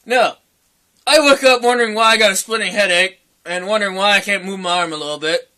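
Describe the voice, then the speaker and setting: A young man co-hosting a casual podcast, telling a wild story in an animated way, acting out the quoted voices and swearing freely. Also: high-pitched, fast talker. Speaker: podcast co-host.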